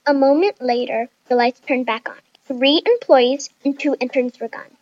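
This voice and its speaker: Woman narrating a story, high voice, careful reading, dry dull lo-fi sound. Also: no echo. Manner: reads lists of traits slowly and carefully.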